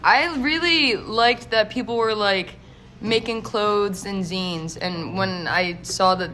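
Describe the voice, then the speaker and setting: A woman's voice: mid-range voice, slow, sharp tone, a little hiss or hum. Young woman, rambling and thoughtful. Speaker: band member. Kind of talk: casual interview chat. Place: pizza shop.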